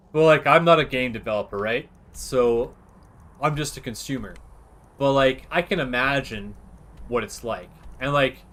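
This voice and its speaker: This livestream gamer speaks at a medium pitch with a fairly bright tone. Chatting casually over his game, he rambles through opinions full of "like" and filler.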